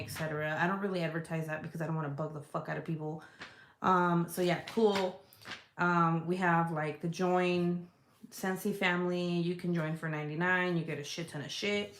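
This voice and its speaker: A woman with a fairly low, fairly bright voice sells home fragrance products online and chats straight to her viewers about them. She swears freely, rambles, and laughs as she goes, and the recording has a roomy, echoey sound.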